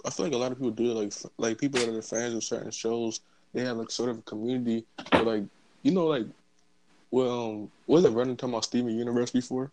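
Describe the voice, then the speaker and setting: A man's voice: mid-range voice, steady tone, fast talker, a little mellow, a little hiss or hum, rough recording. A man in a casual group chat, talking loosely with slang and many fillers. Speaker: podcast participant.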